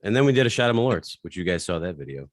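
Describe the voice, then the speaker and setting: A man co-hosting a podcast, telling profane bar stories in a casual, animated way and acting out the people in them. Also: deep voice, very fast. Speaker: podcast co-host. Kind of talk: casual storytelling chat.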